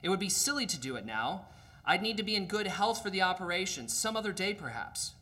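A man's voice: sits high, big pitch swings, brisk, sharp tone, voice pushed up, exaggerated voice. A man reading aloud and voicing a frightened, evasive male ghost who pleads and makes nervous excuses. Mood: flustered.

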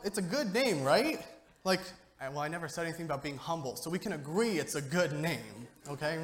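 Over some background noise, a young man with a higher-than-average voice preaches a relaxed youth sermon as a lay speaker. He cracks jokes, keeps it conversational, and repeatedly asks the church "okay?"

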